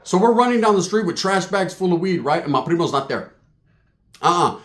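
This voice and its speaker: A man telling a story in a profane, slangy, animated way. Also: sits high, brisk. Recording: echoey room.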